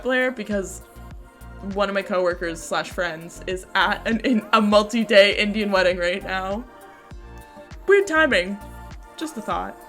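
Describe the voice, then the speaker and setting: A woman's voice: medium pitch, a bit bright. A young woman streaming, chatting casually and giggly with her viewers. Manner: giggly, chatty, bursts into shrieking laughter.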